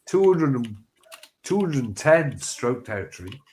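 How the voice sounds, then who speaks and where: Man, mid-pitched, blunt, sweary, lots of fillers. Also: big pitch swings, unhurried, darkish tone. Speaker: panel guest. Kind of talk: casual chat.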